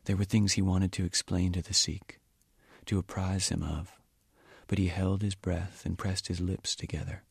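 Deep gravelly guy reading his book aloud, calm and measured, dry close sound. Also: dry recording. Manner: measured, quiet, at times near a whisper. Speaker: author reading his novel. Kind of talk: audiobook-style reading.

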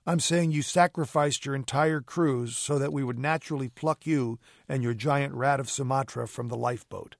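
An unflappable gentleman sleuth, read by a man, speaking in a measured, crisp and coolly ironic way. The voice sits at an ordinary male pitch. The recording is dry and close, with no room sound. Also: fairly even intonation, no echo, natural voice. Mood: cool, commanding. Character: calm, cutting gentleman detective, cool and commanding. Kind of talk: audiobook character reading.

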